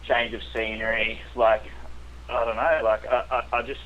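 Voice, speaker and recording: A man's voice: medium pitch, level tone, moderate pace, narrow, tinny audio. A man with an Australian accent, a guest poker player chatting casually and hesitantly with lots of fillers. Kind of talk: casual chat.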